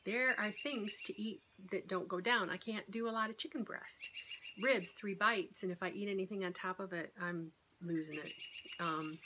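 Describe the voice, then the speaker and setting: A woman's voice: mid-range voice, moderate pace, sharp tone, slight background noise. A middle-aged woman talking candidly and rambling in a casual vlog about her weight-loss surgery. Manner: rambling, candid, self-deprecating.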